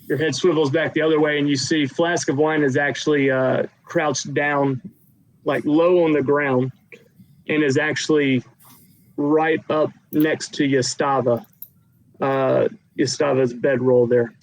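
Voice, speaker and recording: A man's voice: a little high, fairly even intonation, unhurried, low-quality recording. A man narrating a tabletop game as game master, rambling with many fillers.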